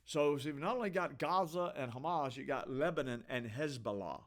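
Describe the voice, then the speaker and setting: A man hosts a daily headlines show, reading the news in an offhand, opinionated manner and restarting often in his casual commentary. His voice is medium in pitch at a moderate pace.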